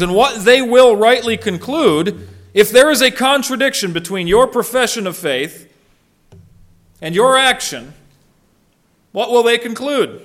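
A man's voice: very high voice, expressive, unhurried, long pauses, fairly bright tone. A middle-aged man preaching a sermon as a pastor, speaking earnestly and asking the congregation rhetorical questions.

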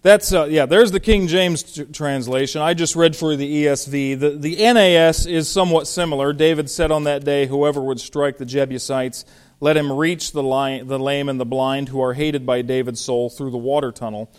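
Guy teaching a bible passage verse by verse, chatty and lively, lots of uhs, smooth clear voice. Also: on the high side, normal speed. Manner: conversational, animated, with frequent fillers and restarts. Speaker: pastor.

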